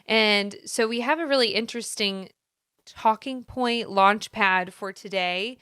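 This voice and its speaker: Woman, podcast co-host, sing-songy, chatty, bright smooth voice, dry close sound. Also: medium pitch, measured pace, dry recording. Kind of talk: casual chat. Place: spare room at home, at night.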